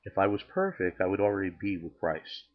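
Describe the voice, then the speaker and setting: A man's voice: low voice, sing-song, brisk, lo-fi sound. An older man casually telling his personal faith testimony, chatty and acting out the dialogue with many restarts. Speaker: storyteller sharing his testimony.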